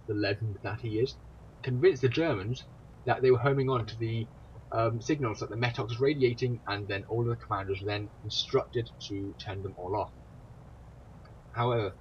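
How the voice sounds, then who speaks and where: Young man, tired, rambling casual commentary, sweary asides, muffled lo-fi sound, faint hiss behind. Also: mid-range voice. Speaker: video creator. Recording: dull lo-fi home recording, faint ambience.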